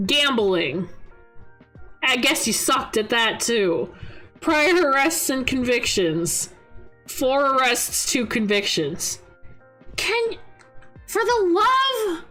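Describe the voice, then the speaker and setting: Lively high-voiced woman streamer. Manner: exasperated, laughing, teasing chat. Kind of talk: casual game livestream chat.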